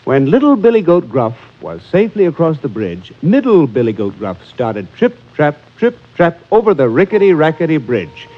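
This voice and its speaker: A man's voice: medium pitch, big pitch swings, moderate pace, hardly any pauses, muffled recording, background noise. A man telling a children's fairy tale aloud, with rhythmic, sing-song refrains. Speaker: storyteller. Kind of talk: children's storytelling.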